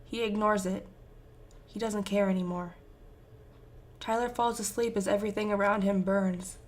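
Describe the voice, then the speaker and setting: A woman's voice: mid-range voice, steady tone, normal speed. A woman reading a fan fiction story aloud with intense, emotive narration. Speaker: fanfiction reader.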